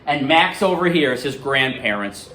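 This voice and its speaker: Male teacher, reading aloud to a class, animated, bright tone. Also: mid-range voice, measured pace, slight background noise. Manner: lively, questioning students.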